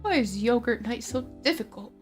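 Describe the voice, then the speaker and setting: A woman's voice: a little high, expressive, moderate pace, soft background music, natural voice. A woman reading aloud as a smug, jealous young boyfriend, in a plain script-reading manner.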